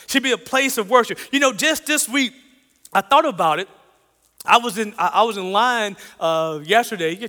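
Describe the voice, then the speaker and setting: High, bright-voiced man preaching. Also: big-room sound. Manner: animated storytelling, repeats phrases, chuckles. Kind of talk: sermon with personal story.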